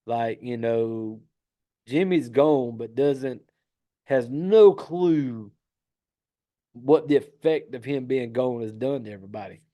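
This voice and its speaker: A man's voice: mid-range voice, takes it slowly, dark tone. A man casually recapping a horror film plot, rambling and swearing freely, with frequent laughs. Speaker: podcast host recapping a film.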